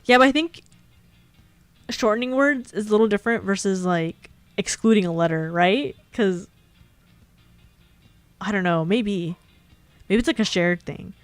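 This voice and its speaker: A woman's voice: medium pitch, measured pace, long pauses, no room sound, faint music behind. A young woman with a Californian accent, rambling and giggling through a casual stream chat.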